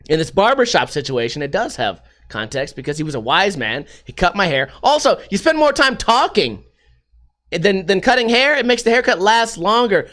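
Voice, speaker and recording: High-pitched man ranting sarcastically. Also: pushed and bright. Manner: sarcastic, profane, rambling. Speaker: podcast host. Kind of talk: casual ranting monologue.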